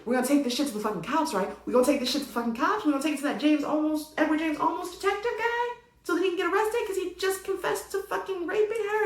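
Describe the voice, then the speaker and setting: Young woman, casual film review, high lively voice, swears a lot, echoey room. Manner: animated, profane, acts out characters.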